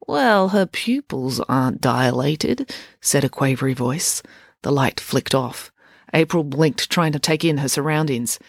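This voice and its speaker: A woman reads her own book aloud as a bedtime story. Her voice sits low, but the pitch moves a lot. The recording is close and dry. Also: no echo. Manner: expressive, lively reading. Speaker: author and narrator.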